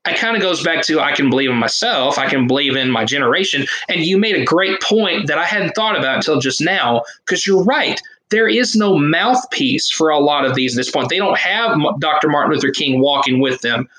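A man's voice: fairly high pitch, animated, a little fast, hardly any pauses, pushed and bright, low-quality recording. A man who is a podcast guest, talking earnestly in a casual discussion and often restarting his sentences. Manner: earnest, rambling, with many restarts.

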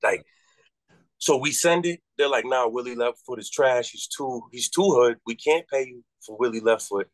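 A man from Massachusetts spins a long story in a relaxed interview, swearing freely and jumping his voice up high whenever he acts out other people's lines. His voice sits at an ordinary middle pitch, and the recording is close and dry with no room sound. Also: normal speed, no echo, rough recording. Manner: animated, profane storytelling with quoted voices and big pitch jumps. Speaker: rapper and podcast guest.

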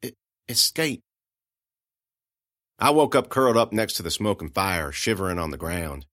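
Low-voiced man narrating an audiobook. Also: big pitch swings, brisk, no echo, studio quality. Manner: folksy, conversational, hushed at grim moments. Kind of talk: first-person audiobook narration.

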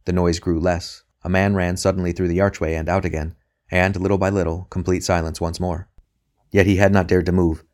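A male audiobook narrator with a deep, low-pitched voice. He reads in a measured, even manner, keeping a steady pace through the prose.

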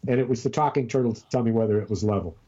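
A man's voice: mid-range voice, mellow. Older man, grandfather, rambling storyteller, casual call chat, muffled lo-fi sound. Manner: rambling, storytelling with halting restarts.

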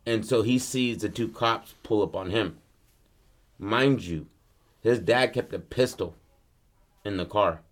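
A man casually pitching a film story, acting out the characters' lines, swearing freely and rambling with restarts. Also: takes it slowly, long pauses. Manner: loose, rambling, many restarts and fillers.

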